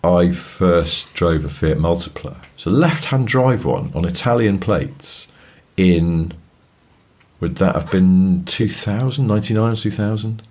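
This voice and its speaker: A man from England co-hosting a podcast, chatting casually and telling anecdotes with lively put-on voices. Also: low-pitched, a little slow. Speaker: podcast co-host. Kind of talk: casual chat.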